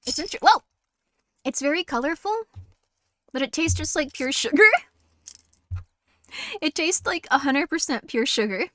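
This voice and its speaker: A woman's voice: high-pitched, expressive, moderate pace, pauses often, fairly bright tone, dry recording, clean studio sound. Bubbly, giggly young woman streamer. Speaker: horror game streamer. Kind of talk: casual live-stream chat.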